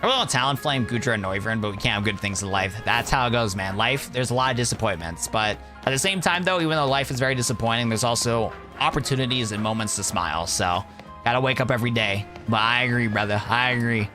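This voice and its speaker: A man's voice: medium pitch, fast talker, music in the background. A young man chatting casually on a live stream, rambling and laid-back, calling his viewers "bro".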